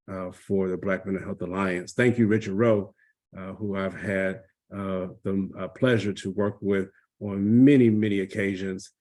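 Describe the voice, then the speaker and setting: Earnest low-voiced man giving remarks. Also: a little mellow. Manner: earnest, emphatic, many "uh" fillers. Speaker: summit speaker. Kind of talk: closing remarks at a virtual summit.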